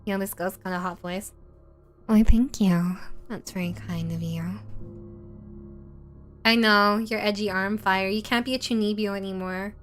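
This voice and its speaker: A playful woman game master narrating a haunted-house story live for her viewers. She teases her chat as she reads their comments aloud, in a voice of middling pitch. Quiet music plays behind her. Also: fairly even intonation, measured pace, long pauses. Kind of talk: live-stream narration of an interactive horror story.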